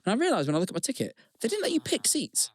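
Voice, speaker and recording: Animated young man, storytelling. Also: sits high, racing. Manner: animated storytelling, swears, repeats words. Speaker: podcast co-host. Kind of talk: casual chat.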